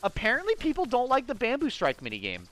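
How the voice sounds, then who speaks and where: A young man streaming a video game, chatting casually with his viewers, excitable and quick to swear. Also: very high-pitched. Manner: excitable, swears often, talks to chat. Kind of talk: casual live-stream commentary.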